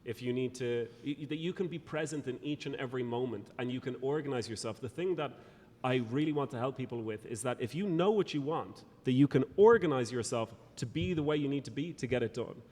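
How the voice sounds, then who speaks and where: A man's voice: medium pitch, a little mellow. Lilting Irish man, reverberant room. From Ireland. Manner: lilting, thoughtful, measured. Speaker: guest speaker. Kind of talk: conversational podcast interview. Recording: reverberant room with faint noise.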